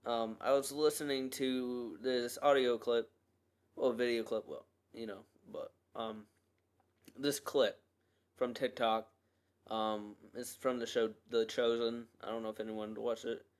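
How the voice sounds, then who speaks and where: Smooth-voiced man rambling on a podcast. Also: medium pitch, flat delivery, unhurried. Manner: rambling, loose and earnest, with many fillers and restarts. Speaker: podcast host. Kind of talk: casual solo podcast monologue.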